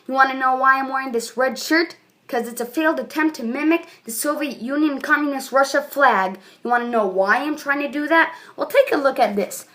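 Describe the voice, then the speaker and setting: Woman, casual video review, rambling, chatty, fillers, slightly high voice. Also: brisk, fairly bright tone. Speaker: book reviewer.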